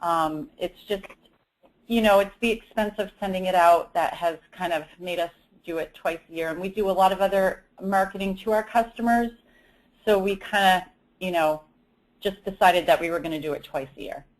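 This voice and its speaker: A woman's voice: fairly low pitch, normal speed, poor audio. A woman from Vermont, a business owner speaking as a guest on a casual conference call, friendly and conversational.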